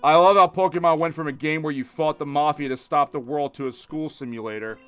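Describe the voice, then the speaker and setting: A man's voice: a little high, fairly even intonation, fairly quick, a bit bright, clear, resonant tone, soft background music. A man in his thirties streaming a game, chatting in a loose, rambling way full of restarts. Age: 30s. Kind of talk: casual let's-play chat.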